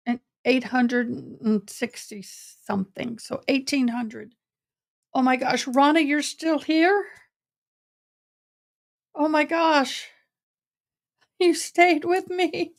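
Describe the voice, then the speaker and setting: A woman's voice: sits high, creaky. A woman hosting a livestream, closing out late at night with gushing, affectionate thanks to her viewers. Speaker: stream host and interpreter. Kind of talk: livestream sign-off chat.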